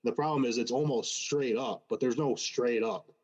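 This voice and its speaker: A man calling into a podcast, speaking haltingly with many fillers in casual chat over a video call. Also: mid-range voice, slightly rough. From Michigan. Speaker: caller. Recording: muffled call audio.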